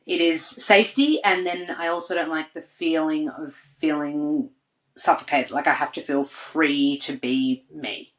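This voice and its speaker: An Australian woman on a podcast as a guest, telling lively stories full of "like" and acted-out quotes. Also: low voice, a little slow, rough recording. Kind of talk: casual interview storytelling.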